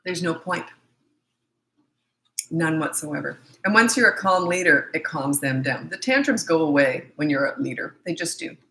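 A woman's voice: sits low, expressive, normal speed, pushed and bright, low-quality recording. A middle-aged woman parenting coach giving blunt, emphatic advice in a casual talk, acting out short exchanges between parents and children.

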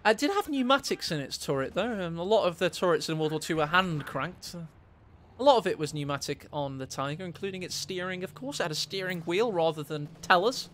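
Male caster, high-pitched, playful anecdotal delivery over faint noise. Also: lively intonation, a bit bright. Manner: jokey, storytelling, quick to laugh. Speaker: game commentator. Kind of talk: video game commentary.

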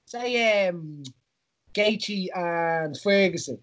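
Irish man, podcast host, casual, rambling, filler-heavy, high-pitched. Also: drawn-out words, fairly bright tone. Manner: rambling, laughs often, many fillers. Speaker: podcast host, former fighter. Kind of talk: casual chat.

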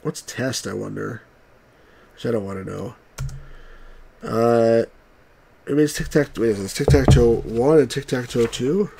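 A man's voice: mid-range voice, a little slow, creaky, pauses often, warm tone, slightly rough. A man hosting a let's-play of old computer games, reading the on-screen text aloud and tossing in wry, grumbling remarks. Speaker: game reviewer and channel host.

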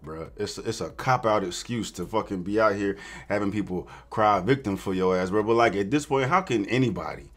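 A man ranting in blunt, profane, slang-heavy reaction commentary as host. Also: mid-range voice.

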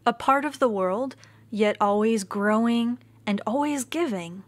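A woman reading the part of a gentle willow tree, murmured softly. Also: a little high, measured pace, no room sound, close to an everyday voice. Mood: tender. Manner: murmured, soft.

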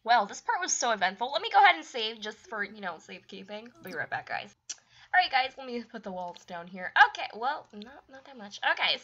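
Animated young woman playing a life sim. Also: a little high, lo-fi sound. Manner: exasperated, scolding the game characters. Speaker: gaming YouTuber. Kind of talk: let's play commentary.

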